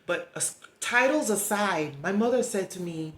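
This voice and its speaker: A woman's voice: medium pitch, lively intonation, a little slow, few pauses, slight background noise. Middle-aged woman vlogging in an echoey room. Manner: rambling, heartfelt, confiding. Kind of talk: candid personal vlog talk.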